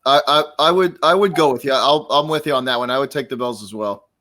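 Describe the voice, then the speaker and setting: A man on a casual live stream, easygoing and quick to laugh. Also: mid-range voice, sharp tone.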